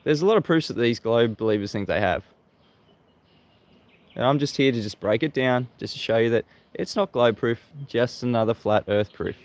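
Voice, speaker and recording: Australian man, livestream host, combative and mocking, laughs at critics, mid-pitched voice. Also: moderate pace. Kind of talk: live-stream monologue greeting viewers.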